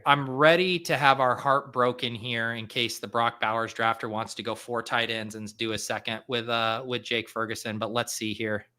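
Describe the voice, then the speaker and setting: A man's voice: mid-range voice, flat delivery, normal speed, hardly any pauses, pushed and bright. A man hosting a casual fantasy football draft podcast, loose and self-mocking, swearing offhandedly. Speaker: podcast host.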